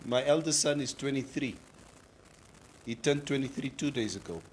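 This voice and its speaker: A man's voice: medium pitch, moderate pace, a little hiss or hum. Playful Namibian man in his forties. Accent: Namibian English. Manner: playful, mixes in Afrikaans. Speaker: radio show co-host. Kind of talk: casual radio banter.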